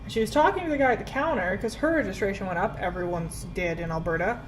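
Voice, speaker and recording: Speaking fast in a mid-range voice, the young Canadian woman chats casually as she does her makeup at home, filling her self-deprecating get-ready-with-me talk with "like." She's a beauty vlogger. The recording is low quality, with slight background noise and soft music faintly audible.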